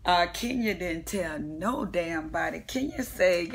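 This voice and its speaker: A woman's voice: fairly low pitch, lively intonation, measured pace, few pauses, a bit bright. A woman vlogger giving a casual, comedic recap of a reality show. She talks brash and profane, laughs often, and acts out the people she quotes.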